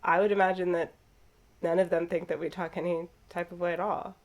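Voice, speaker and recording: A young woman with a Californian Valley Girl accent co-hosting a podcast, talking casually with vocal fry and drawn-out words. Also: lowish voice, flat delivery. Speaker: podcast co-host. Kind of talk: casual chat.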